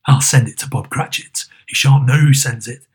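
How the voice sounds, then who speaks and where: Old storybook miser, gruff and emphatic, dropping lower as a male reader plays him. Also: steady tone, normal speed. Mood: gleeful. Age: older. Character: reformed old miser, gruff but gleeful.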